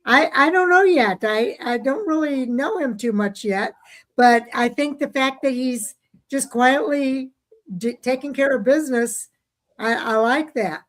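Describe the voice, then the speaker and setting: A woman's voice: high-pitched, a little slow, fairly bright tone. A woman co-hosting a casual racing talk show, chatting with filler words and reading out listener comments. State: hiccups. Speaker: co-host.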